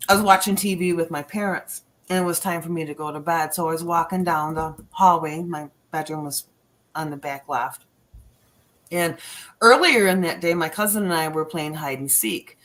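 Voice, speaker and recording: A woman guest telling personal stories on a podcast, acting out voices and sounds as she goes. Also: sits low. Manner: animated storyteller acting out quotes. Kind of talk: storytelling on a paranormal podcast.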